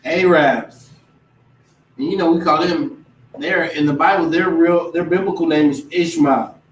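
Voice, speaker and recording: A man giving a casual religious teaching, animated and often mimicking other people's voices. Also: fairly high pitch, unhurried, slight background noise. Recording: echoey room, distant mic.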